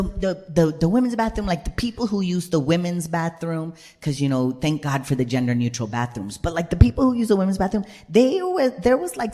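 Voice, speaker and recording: A man doing stand-up storytelling on a live stage, animated, dropping from loud punchlines to hushed asides and checking in with the crowd. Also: a little high. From United States. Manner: chatty, keeps checking in with the crowd. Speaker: comedian and solo performer. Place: live stage before an audience.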